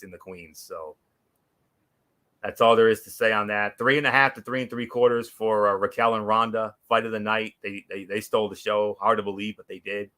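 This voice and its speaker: Young male recap host, lowish bright voice, excitable, stumbles and repeats words. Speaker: wrestling show recap host. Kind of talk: casual show recap.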